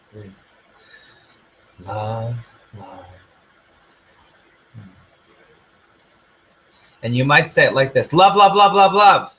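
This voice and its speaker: A man who is a spiritual teacher and coach, giving an earnest, repetitive motivational lesson and often dropping to a soft near-whisper. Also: medium pitch, slight background noise, low-quality recording.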